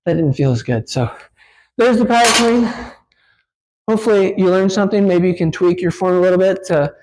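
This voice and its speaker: A man's voice: high voice, fairly quick, noisy background. A physical therapist demonstrating a lift in a gym, explaining casually with many fillers and getting out of breath as he works. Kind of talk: instructional demonstration.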